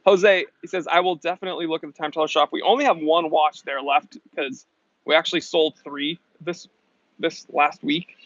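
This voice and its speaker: A young man with a slightly high voice chats casually through a live stream, answering comments in a loose, upbeat way. His voice is close and dry, with a somewhat dull, lo-fi sound. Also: fairly even intonation, moderate pace, fairly bright tone, no echo. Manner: casual, upbeat, chatty with fillers. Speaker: host.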